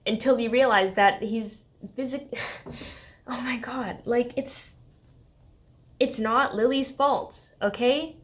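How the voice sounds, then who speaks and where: A woman reviewing a book in a casual vlog, talking in a heated, exasperated way with lots of "like" and "okay?". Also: on the high side.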